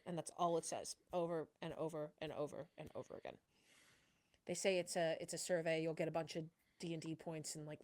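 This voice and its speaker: A woman narrating as game master for a tabletop role-playing game, animated and quick to laugh, with lots of fillers. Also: low-pitched.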